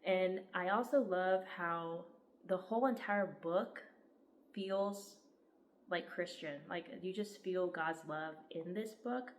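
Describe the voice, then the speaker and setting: A woman's voice: on the low side, takes it slowly, slight background noise. A young woman gives an enthusiastic, heartfelt book review, peppered with "like". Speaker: book vlogger. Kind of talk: casual book review vlog.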